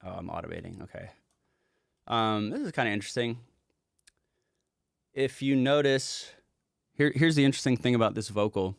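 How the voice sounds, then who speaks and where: A man's voice: medium pitch, expressive, moderate pace, vocal fry, pauses often, dry recording, clean studio sound. A man who is a music producer, walking through a project in a casual livestream, talking loosely and rambling with casual swearing.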